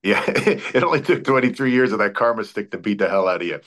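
A man in his forties who once played college football talks fast in a lowish, expressive and slightly bright voice. In casual sports talk he tells rambling stories, stumbling and restarting often and swearing freely.

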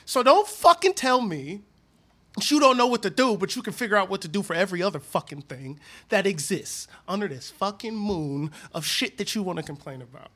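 A man's voice: high-pitched, expressive, a little fast, sharp tone. A man co-hosting a casual talk show, ranting with heavy profanity and raw passion. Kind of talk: heated casual chat.

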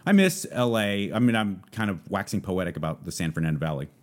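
A man's voice: sits low, expressive, a little fast. A man from Southern California hosting a podcast, rambling through a casual solo monologue full of fillers. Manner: rambling, loose, lots of fillers. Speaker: podcast host.

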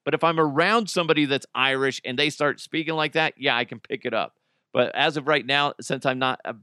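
A man's voice: medium pitch, steady tone, fairly quick, bright, forceful tone, smooth, no room sound, clean studio sound. A man hosting a podcast, delivering a crude, sarcastic comedic monologue and laughing often. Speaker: podcast host.

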